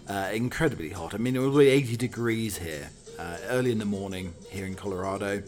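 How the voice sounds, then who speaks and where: A man's voice: lowish voice, animated, brisk, darkish tone. A British man hosting a casual talk show, wry and chatty, with many fillers. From United Kingdom. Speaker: host. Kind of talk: casual chat.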